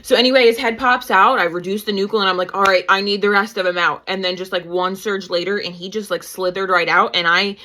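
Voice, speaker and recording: Animated woman with a bright voice. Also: fast talker, few pauses. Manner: animated, quotes herself with pitch jumps. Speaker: guest, certified nurse-midwife and mother. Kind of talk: casual storytelling interview.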